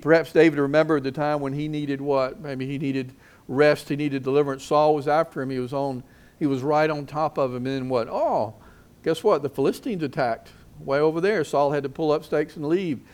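A middle-aged male pastor preaching a sermon, asking the congregation questions and swinging his loudness for emphasis. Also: medium pitch, smooth. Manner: preaching with call-and-response questions.

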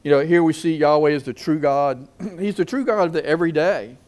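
A middle-aged male pastor preaching a sermon, asking the congregation questions and swinging his loudness for emphasis. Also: a little high, fairly quick. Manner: preaching with call-and-response questions.

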